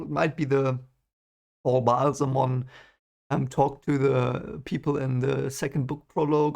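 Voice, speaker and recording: A young man reading a novel aloud and thinking out loud about it in casual commentary, rambling and restarting his sentences. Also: mid-range voice, gravelly. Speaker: book reaction reader. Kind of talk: casual read-along commentary.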